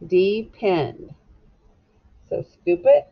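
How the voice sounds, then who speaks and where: A woman teaching young children a phonics lesson, sounding out syllables and letters slowly and gently. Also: fairly low pitch, lively intonation, breathy edge. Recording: dull lo-fi sound.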